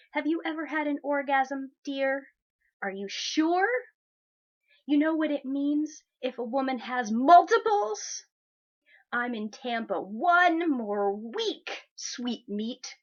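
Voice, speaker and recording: A woman voicing a crude, entitled male online suitor, reading his message aloud with loud, mocking emphasis. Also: a little high, lo-fi sound, voice pushed up, full character voice.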